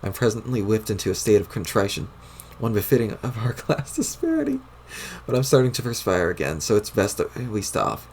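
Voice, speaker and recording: This is a haughty, stiffly formal troll aristocrat, as a man reading a webcomic aloud plays him. He speaks in a low, gravelly voice, and his wording stays prim and proper throughout. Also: very animated, fairly quick, darkish tone, slight background noise.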